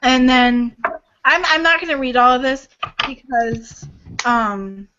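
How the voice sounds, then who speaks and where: A woman with a fairly high voice hosts a casual livestream, speaking earnestly and haltingly, often sighing and restarting her sentences. The audio is dull and lo-fi, like a cheap home stream. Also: bright, forceful tone. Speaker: livestream host.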